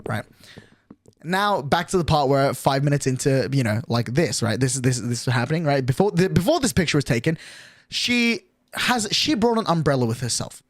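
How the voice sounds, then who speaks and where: A man's voice: on the high side, sing-song, brisk, no echo, studio quality. A male streamer telling a story in a rambling, casual way, full of fillers and swearing.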